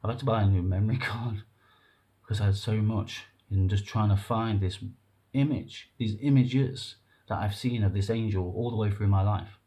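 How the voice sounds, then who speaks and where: Earnest, halting man with a mellow voice. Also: on the low side. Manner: rambling, halting, earnest, with nervous laughs. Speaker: vlogger. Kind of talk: emotional personal monologue to camera.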